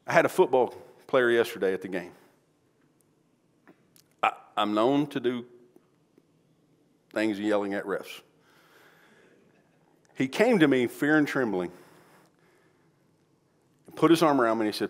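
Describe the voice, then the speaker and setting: Folksy pastor preaching a sermon. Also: male voice, mid-range voice, animated, unhurried, pauses often. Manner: folksy, swings from quiet pleading to loud exclaiming. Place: church sanctuary.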